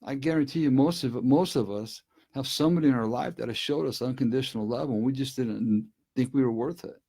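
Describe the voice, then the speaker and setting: A man's voice: mid-range voice, brisk, vocal fry, dark tone, slightly rough. A middle-aged man speaking earnestly and directly to listeners on a casual live stream from his desk at home. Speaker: recovery speaker.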